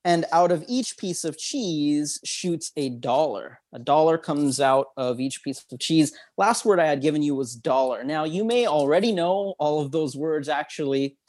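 A man's voice: fairly high pitch, lively intonation, normal speed, few pauses, a little mellow. A man with a slightly raised voice talks a listener through a vivid memory exercise. He is upbeat and instructive and chuckles often. He is a guest on an interview. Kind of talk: guided visualization in an interview.

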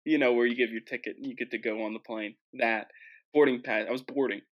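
A young American man hosting his own show, telling a travel story in an animated, jokey way with lots of restarts. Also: mid-range voice, fast talker, lo-fi sound. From United States. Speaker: host. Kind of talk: casual storytelling monologue.

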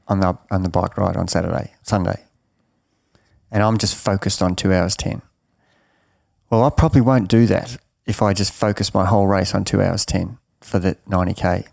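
A man's voice: lowish voice, vocal fry, darkish tone, no echo, clean studio sound. A middle-aged man giving emphatic coaching advice in an interview, often repeating and restarting his words. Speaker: triathlon coach.

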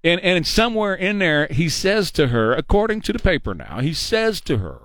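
A man's voice: high-pitched, big pitch swings, normal speed, a bit bright, no room sound, clean studio sound. A man hosting a talk radio show, blunt and mocking in his opinions. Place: radio studio. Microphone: studio microphone.

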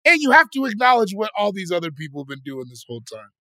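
A comedian co-host in a casual podcast chat, pushing back with jokey skepticism. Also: male voice, high-pitched, big pitch swings, quick pace, pushed and bright, no echo, studio quality.

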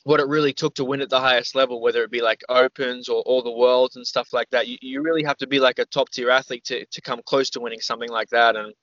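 A man's voice: mid-range voice, steady tone, fast, hardly any pauses, fairly bright tone, no echo. A young man, a podcast guest, telling stories in a loose, rambling way, full of "like" and "man". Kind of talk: casual storytelling interview. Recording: slightly dull, dry recording.

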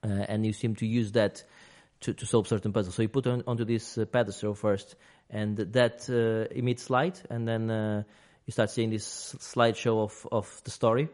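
A man's voice: on the low side, flat delivery, normal speed, hardly any pauses, a little mellow. A man hosting a casual games podcast, talking at length, restarting sentences and laughing easily. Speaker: podcast host.

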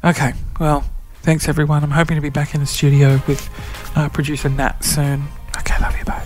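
A man's voice: on the high side, flat delivery, a little fast, soft background music. Whispering, hungover man in his thirties. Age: 30s. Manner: whispering, hushed and weary. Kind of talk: casual monologue. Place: dark room.

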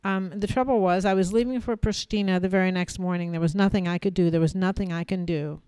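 A lower-pitched woman with a warm, smooth and resonant voice, hosting her own podcast. She tells a personal story at a measured pace, pausing and repeating phrases for emphasis. The close recording is dry, with no room sound. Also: fairly even intonation, dry recording. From United States. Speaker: podcast host.

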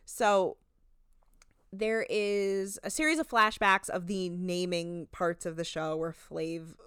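A woman co-hosting a casual podcast, recapping a reality show with quick asides and frequent laughter. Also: fairly low pitch, fairly bright tone, clear, resonant tone, dry recording, studio quality. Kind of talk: casual chat.

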